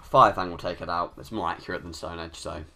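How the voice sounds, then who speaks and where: Young man, gameplay commentary, bright forceful voice, thinking aloud, frequent restarts. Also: low-pitched, fairly even intonation, brisk, vocal fry, faint music behind. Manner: thinks aloud, restarts often, rants when annoyed. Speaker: gaming YouTuber.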